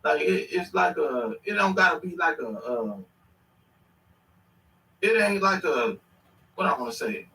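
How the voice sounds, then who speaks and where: Animated slangy man streaming, echoey room. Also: fairly high pitch, a little slow, creaky, long pauses. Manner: animated, rambling, slangy, laughing. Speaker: streamer reacting to clips. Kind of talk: casual reaction commentary. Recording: echoey room, mic at a distance.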